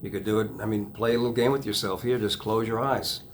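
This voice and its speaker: Rambling man hypnotist, soft "okay?"s. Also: steady tone, fast, a little hiss or hum. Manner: rambling, restarts sentences, repeats key phrases; drops to a soft, low "okay?" after points. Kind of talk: casual self-help talk to camera.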